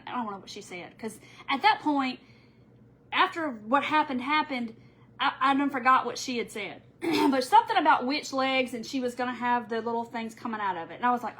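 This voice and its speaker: A woman's voice: high-pitched, moderate pace, slight background noise. A middle-aged woman, rambling through a story to viewers while working on a live craft tutorial. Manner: rambling, animated, addresses viewers as y'all.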